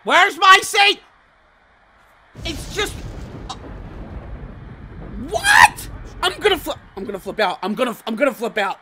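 A man doing casual, slangy commentary over a football video game, muttering low one moment and shouting with excitement the next. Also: moderate pace, long pauses. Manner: casual slangy trash talk. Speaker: gaming channel host. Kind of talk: live gameplay commentary.

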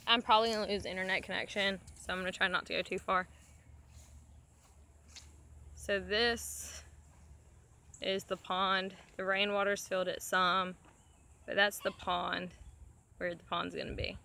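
A woman's voice: medium pitch, level tone, measured pace, vocal fry, long pauses, pushed and bright, rough recording. A woman, chatting casually to viewers while walking her rural property on a phone. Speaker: vlogger showing her property. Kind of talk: casual vlog walkthrough.

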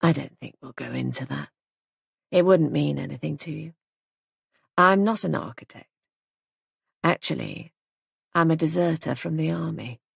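Lady reading as a young guy who ran from the army, quiet and halting, a bit lower than her own voice, gravelly and husky. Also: no echo, studio quality, full character voice. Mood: confessional. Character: troubled young male army deserter.

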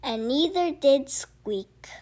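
A woman reading a children's picture book aloud, with slow, expressive storytelling. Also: high-pitched. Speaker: storybook reader. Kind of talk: children's read-aloud narration.

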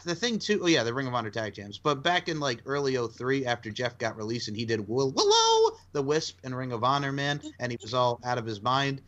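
Male co-host, bright edgy tone, excitable rambler in casual banter. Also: medium pitch, fast, hardly any pauses, lo-fi sound. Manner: excitable, rambling wrestling fan talk. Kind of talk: casual podcast chat.

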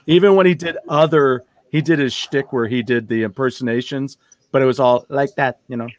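A man hosts a casual podcast chat, talking loosely and filling gaps with "you know". His voice sits at an average pitch and is recorded dry, with no room sound. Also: a little fast, no echo. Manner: chatty, frequent "you know" and "yeah". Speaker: podcast host.

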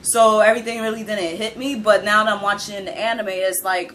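A young woman casually reacting to an anime episode, excitable and giggly, swearing now and then. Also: mid-range voice, brisk, slight background noise, rough recording.

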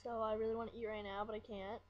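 A woman's voice: a little high, little pitch movement, fast. A teenage girl vlogging casually at home on a webcam, mumbling, swearing and complaining about being bored. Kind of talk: casual rambling vlog. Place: at home, indoors. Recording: dull lo-fi webcam audio with faint hiss.

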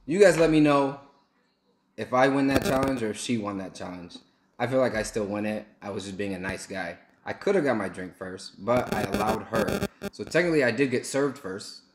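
A young man from Texas tells a loose, joking story in a lowish voice. The room is echoey with a faint hiss under it. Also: expressive, moderate pace. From El Paso, Texas. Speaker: vlogger. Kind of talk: casual story-time chat.

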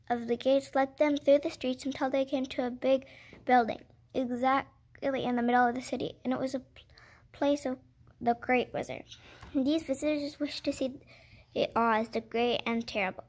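Woman, high voice, casual picture-book read-aloud, stumbling, self-correcting, chatty asides.

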